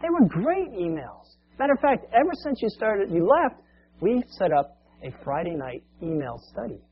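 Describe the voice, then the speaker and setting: A man's voice: high voice, sing-song, moderate pace, slightly rough, pitched above the performer's own voice, exaggerated voice. A man voicing a carefree office employee who rambles breezily, on a muffled lo-fi recording. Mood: breezy.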